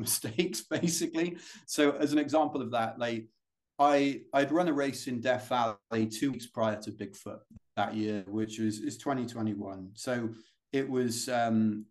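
A man's voice: medium pitch, a little mellow. A British man, a guest on a podcast, telling long stories in a chatty, rambling way with plenty of fillers and restarts. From United Kingdom. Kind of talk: casual interview storytelling.

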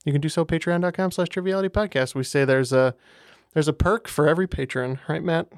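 A man's voice: fairly high pitch, fast talker, dry recording, studio quality. A man co-hosting a trivia podcast, chatting casually and laughing often. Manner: chatty, laughs often, some hesitant restarts. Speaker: podcast co-host.

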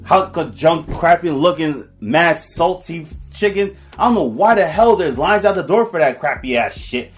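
Loud ranting man. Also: a little high, moderate pace, faint music behind. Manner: loud profane ranting, animated. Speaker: podcast co-host. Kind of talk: casual podcast rant.

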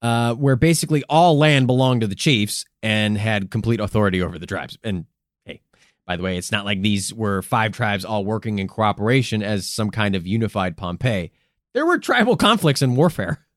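Profane, playful man with a lively voice. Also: lowish voice, moderate pace, dry recording, clean studio sound. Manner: crude, profane, playful narration with silly vocal asides. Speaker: podcast co-host. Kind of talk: comedic history podcast.

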